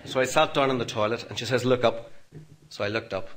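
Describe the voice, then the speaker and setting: A man's voice: mid-range voice, quick pace, a bit bright. Man telling a work story. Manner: storytelling, self-deprecating humour. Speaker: conference speaker. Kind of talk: anecdotal business talk to an audience. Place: hotel function room.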